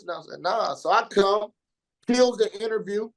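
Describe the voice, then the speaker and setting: A man in his forties from Indiana, a radio DJ telling stories as an interview guest in slangy, animated speech, acting out the people he quotes. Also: high-pitched, normal speed. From Indiana, USA. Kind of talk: casual storytelling interview.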